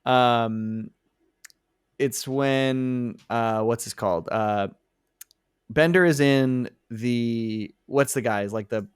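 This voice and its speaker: An enthusiastic man co-hosting a casual podcast, breaking into laughter as he retells scenes. His voice is smooth and resonant. The recording is dry and close, with no room sound. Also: mid-range voice, extremely slow, no echo. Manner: enthusiastic, laughs often, quotes lines from the show. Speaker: podcast co-host. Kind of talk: casual chat.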